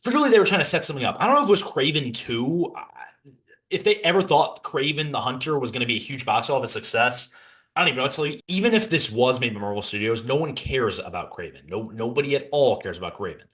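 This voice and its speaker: A man's voice: mid-range voice, fast talker. A young man hosting a podcast, ranting through a casual film review with lots of restarts and asides. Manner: animated, frequent restarts, rambling asides.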